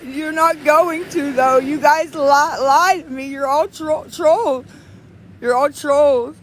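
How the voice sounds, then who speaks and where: A young woman from western Pennsylvania is livestreaming outdoors in the cold, crying and pleading for help between heavy sighs. Her voice is high and her pace slow.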